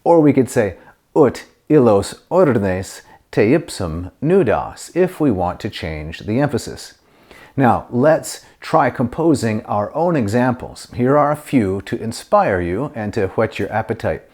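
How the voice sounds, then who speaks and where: A middle-aged man teaching Latin grammar, explaining step by step and reading Latin phrases slowly and clearly. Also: medium pitch, lively intonation, a little mellow. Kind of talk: grammar lesson to camera.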